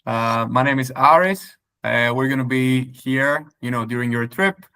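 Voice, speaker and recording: A man welcoming travelers on a video call. He sounds friendly and pauses often with fillers, and his voice sits at an ordinary middle pitch. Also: pushed and bright, smooth. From Greece. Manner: friendly, halting with many fillers. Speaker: local tour organizer.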